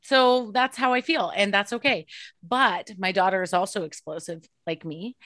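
Woman, forties, frank and animated podcast talker, dead-dry close mic. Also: moderate pace, no room sound. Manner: expressive, swears freely, mimics herself with big pitch jumps. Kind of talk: candid casual chat.

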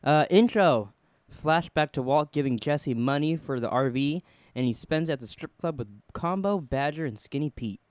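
A man's voice: a little high, animated, normal speed, few pauses, a little mellow, dry recording. A man co-hosting a podcast in casual chat, rambling and laughing often at himself. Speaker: podcast co-host.

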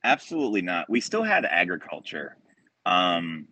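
A man's voice: low voice, wildly swooping pitch, moderate pace, sharp tone, no echo, rough recording. A man from Delaware, a guest on a podcast, telling stories in an easygoing way with light laughs. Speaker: guest, cigar company representative. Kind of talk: casual interview chat.

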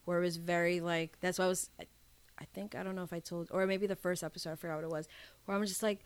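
A woman's voice: on the low side, flat delivery, fast talker. A woman co-hosting a podcast, chatting casually in a rambling way with frequent restarts and swearing. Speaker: podcast co-host. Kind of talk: casual chat.

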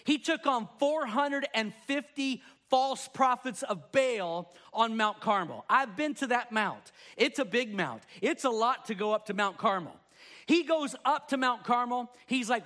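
A fairly high-voiced pastor preaches at a moderate pace. His sermon features animated scripture stories in which he acts out the characters' voices.

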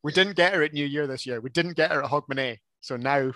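A man's voice: fairly high pitch, fast talker, sharp tone, no room sound. A man co-hosting a casual sports podcast, chatting and teasing with lots of ums. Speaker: podcast co-host. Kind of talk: casual chat.

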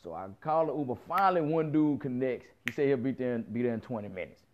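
Profane, animated man in his thirties ranting. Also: mid-range voice, fast talker, slight background noise. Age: 30s. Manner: profane, animated, lots of quoted dialogue and slang. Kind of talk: casual storytelling rant. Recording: muffled lo-fi recording.

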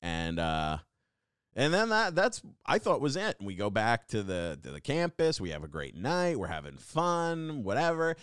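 Rambling young man, lively swooping voice. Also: medium pitch, moderate pace, smooth, dry recording, clean studio sound. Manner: rambling, animated, full of fillers and restarts. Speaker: podcast host. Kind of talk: casual comedic storytelling.

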